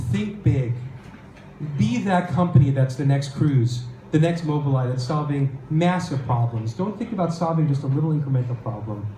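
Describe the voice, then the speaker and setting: A man giving a conference talk, telling an animated startup story and acting out the quoted voices. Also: fairly high pitch, slight background noise. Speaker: venture capitalist speaker. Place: event hall. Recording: roomy hall with faint ambience.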